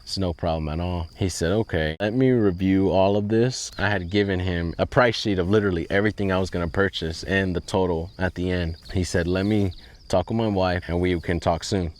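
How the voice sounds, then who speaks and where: Low-voiced young man telling a story. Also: fairly quick. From Texas. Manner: animated, quotes people in his own voice. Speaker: farm owner telling his story. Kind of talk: casual storytelling vlog.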